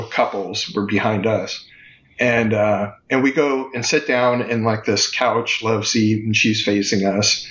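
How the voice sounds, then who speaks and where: Halting man telling a story in a roomy room. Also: fairly low pitch, fairly bright tone. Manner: halting, many fillers and restarts. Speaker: guest. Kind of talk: casual storytelling. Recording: muffled, roomy recording.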